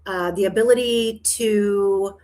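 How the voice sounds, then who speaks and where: A woman's voice: mid-range voice, fairly even intonation, slow pace, a little mellow. A woman hosting a casual livestream chat, rambling through her thoughts with frequent restarts and laughter. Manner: rambling, trailing, laughs often. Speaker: livestream host.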